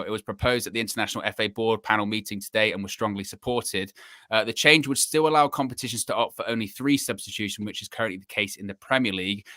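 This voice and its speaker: A man hosting a casual live football chat stream, animated and repeating himself for emphasis. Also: on the low side, dry recording, studio quality. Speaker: host.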